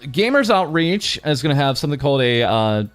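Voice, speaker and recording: A man's voice: a little high, big pitch swings, fairly quick, soft background music. A man hosting an interview, asking questions casually with frequent hesitant fillers. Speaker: interviewer host.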